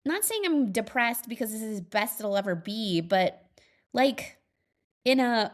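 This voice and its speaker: A woman in her thirties talks on her own podcast, chatty and earnest, full of "like" and "you know" and little laughs. Her voice sits a bit high for a woman. She sounds upbeat and reflective, as if thinking aloud to friends. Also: lively intonation, a little slow. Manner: chatty, upbeat, laughs often, many fillers. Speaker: podcast host. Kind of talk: casual solo monologue.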